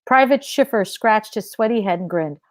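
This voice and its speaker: A woman author reading her fiction aloud in a measured, expressive narration. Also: medium pitch, dry recording.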